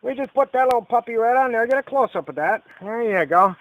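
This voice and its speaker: A man hosting an ad-libbed mock fishing show outdoors by a river, rambling in a deadpan way with lots of fillers. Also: very high-pitched, brisk, no room sound. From Texas. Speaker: comedy fishing show host. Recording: lo-fi camcorder audio outdoors.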